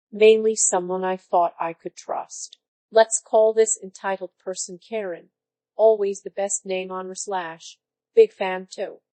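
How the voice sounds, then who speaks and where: A woman's text-to-speech voice reading online stories aloud in an even, synthetic-sounding delivery. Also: mid-range voice, no room sound, low-quality recording. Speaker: story narrator.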